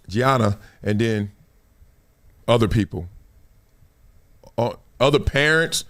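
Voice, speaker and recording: A middle-aged man with a Los Angeles accent hosting a live show, telling a casual story and acting out the scenes and quotes. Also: medium pitch. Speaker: show host.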